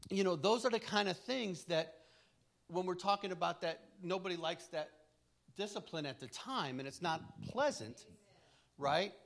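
A middle-aged man delivers a sermon in a loose, conversational way, leaning on homespun stories about his family. His voice sits a touch high for a man, and he chuckles easily, often restarting his sentences as he goes. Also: expressive, normal speed, vocal fry. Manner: folksy, chuckling storyteller with frequent restarts. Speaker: preacher.

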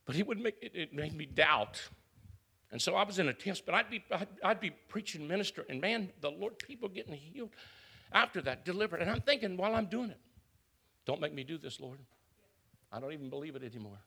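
A man's voice: a little high, expressive, a little fast, creaky, slightly rough. A middle-aged man preaching a personal, emotional sermon as pastor, talking openly to his congregation. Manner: confessional, emotional, building to loud preaching.

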